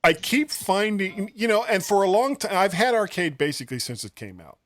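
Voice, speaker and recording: A man's voice: sits high, animated, fairly quick, fairly bright tone, no echo, studio quality. A man co-hosting a casual tech podcast, rambling and chuckling as he recommends a game, poking fun at himself. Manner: rambling, chuckling, self-deprecating. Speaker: podcast co-host.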